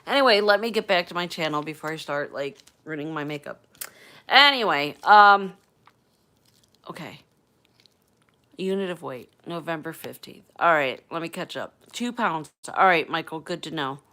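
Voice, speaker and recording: Woman livestream host from the States, lowish, emotional, chatty with viewers. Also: animated, moderate pace, sharp tone. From United States. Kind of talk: casual livestream chat. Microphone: webcam or phone mic, moves off camera.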